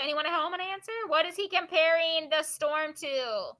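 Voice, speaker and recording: A woman's voice: high-pitched, moderate pace, few pauses, pushed and bright, faint music behind. A woman teacher reading a book of poems aloud to her class, stopping to ask students questions and explain.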